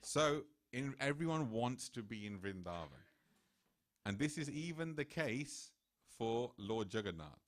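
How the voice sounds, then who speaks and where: Man, temple speaker; lively sermon storytelling, average pitch. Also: measured pace. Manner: animated, acts out quoted voices.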